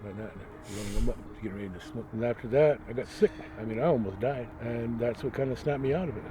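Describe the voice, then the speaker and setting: A man's voice: mid-range voice, fast, background noise. A man, a religious leader, telling his life story in an interview outdoors, in a rambling, vivid way with quoted voices. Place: outdoors near a road.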